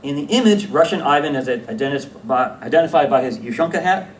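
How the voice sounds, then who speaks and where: A man giving a conference talk about slides, lively and self-correcting, often checking in with the audience. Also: fairly high pitch, fairly quick. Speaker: academic conference presenter. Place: lecture room at a conference. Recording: echoey room, distant mic, faint hiss.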